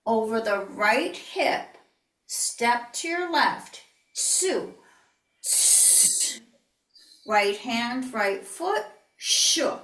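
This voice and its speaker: Slow, calm woman teaching from afar. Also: fairly high pitch. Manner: slow, calm, breathy cues. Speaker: yoga and tai chi instructor. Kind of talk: guided movement instruction. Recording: roomy, distant online-class audio.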